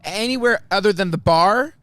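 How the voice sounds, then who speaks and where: A man's voice: sits high, normal speed, fairly bright tone, clean tone, no room sound. Chatty, emotional man on a dry mic. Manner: chatty, emotional, laughs often, rambling with many fillers. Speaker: podcast host. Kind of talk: casual chat.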